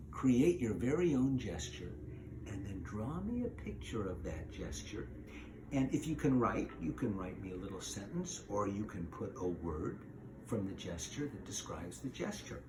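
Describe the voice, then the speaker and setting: A man leads a lesson for preschool children, telling a fairy tale and acting out every gesture as he goes. His pitch leaps and dips with lively range. There is clear noise in the background of the recording. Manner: animated, acts out voices and gestures. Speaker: pre-K teacher. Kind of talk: storytelling lesson for young children.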